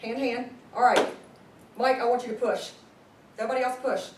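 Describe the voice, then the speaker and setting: Woman trainer, brisk and interactive, voice sitting a bit high, picked up from across an echoey room. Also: slight background noise. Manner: energetic, quizzes the audience. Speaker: sales trainer. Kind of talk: live training class. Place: meeting room with a group. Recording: echoey room, distant mic.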